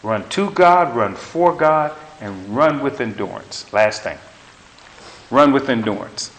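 A man's voice: medium pitch, lively intonation, takes it slowly, a bit bright. Man preaching emphatically in an echoey room. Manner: emphatic, repetitive preaching cadence. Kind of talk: sermon. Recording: roomy echo.

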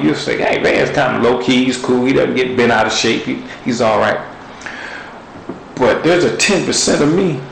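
Earnest preacher, roomy echo. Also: male voice, mid-range voice, slight background noise. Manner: earnest, conversational storytelling preaching. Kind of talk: sermon. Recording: roomy echo with faint ambience.

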